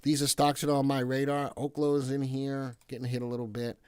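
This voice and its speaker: A man's voice: medium pitch, completely flat delivery, brisk, darkish tone, clean tone, no room sound, studio quality. A man hosting a casual stock market livestream, chatting with viewers and reading their comments between chart talk, playful and talkative.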